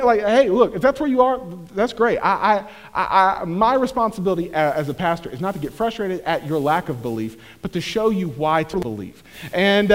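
A man in his thirties, a pastor preaching a conversational sermon to a church, full of restarts and acted asides. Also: high voice. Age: 30s. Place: church hall.

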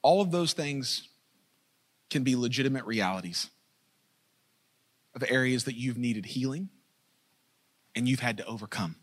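A man preaching a sermon, telling a funny story with lively jokes, then turning quiet and earnest. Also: medium pitch, measured pace, pauses often. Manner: animated, joking, builds to shouting then drops to a hushed earnest tone. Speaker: pastor.

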